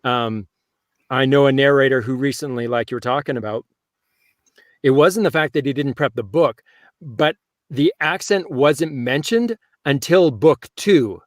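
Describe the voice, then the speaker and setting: A man's voice: mid-range voice, measured pace, dry recording. Man hosting in a dry, close sound. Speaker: host and audiobook narrator. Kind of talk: casual panel chat.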